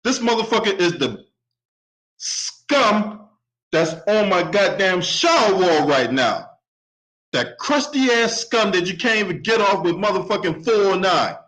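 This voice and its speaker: A man's voice: high voice, expressive, measured pace, fairly bright tone, rough recording. A man delivering an angry solo sports and politics commentary rant, heated and profane, and often tagging his points with a questioning "right?". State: openly angry.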